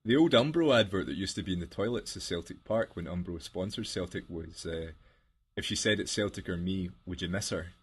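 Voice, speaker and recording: A man's voice: deep voice, fairly quick, husky. A man co-hosting a podcast, telling rambling stories with laughs in casual chat. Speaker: podcast co-host.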